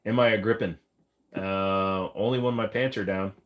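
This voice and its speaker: A man's voice: on the low side, steady tone, moderate pace, a little hiss or hum. A man hosting a livestream, answering chat comments in a loose, rambling, joking way. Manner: rambling, joking, lots of fillers. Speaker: live stream host. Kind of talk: casual live chat reading comments.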